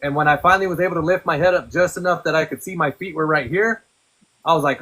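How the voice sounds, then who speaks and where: Young adult man, candid and coarse-spoken storyteller, forceful bright tone. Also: on the high side, fairly quick, low-quality recording. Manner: profane, blunt, conversational. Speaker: podcast guest.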